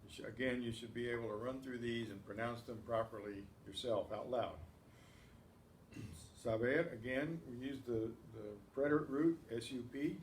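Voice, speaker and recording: Guy teaching a language class, slow careful drill voice, middle pitch, roomy echo w a faint hum behind. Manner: patient, methodical, recites verb conjugations in drills. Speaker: Spanish teacher. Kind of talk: classroom lesson. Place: community class room.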